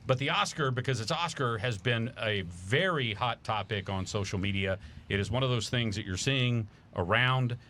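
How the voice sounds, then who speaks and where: A man's voice: medium pitch, normal speed, sharp tone, slight background noise. A man talking casually on a podcast as a guest, telling an enthusiastic story with lots of fillers. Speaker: charity founder guest.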